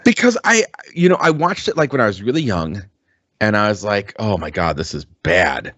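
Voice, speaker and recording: Low-voiced rambling man on a podcast. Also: sing-song, moderate pace, fairly bright tone, highs cut off, a little hiss or hum. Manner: rambling, full of ums and restarts; swears freely. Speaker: podcast co-host. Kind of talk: casual chat.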